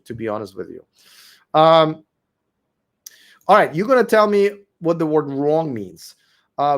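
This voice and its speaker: Blunt man with a weak voice. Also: fairly high pitch. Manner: blunt, profane, repeats himself while arguing. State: losing his voice. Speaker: livestream host answering viewer comments. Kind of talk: late-night livestream chat.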